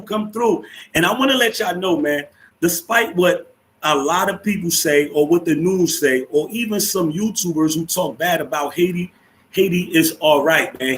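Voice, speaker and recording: An upbeat man hosting a live stream in a casual, chatty way. His voice sits a little higher than most men's. He keeps greeting his viewers and giving them shout-outs.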